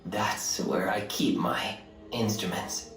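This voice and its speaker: Man doing a creepy obsessive schoolboy, slow, low and menacing, echoey distant room, faint music. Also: steady tone, a bit bright.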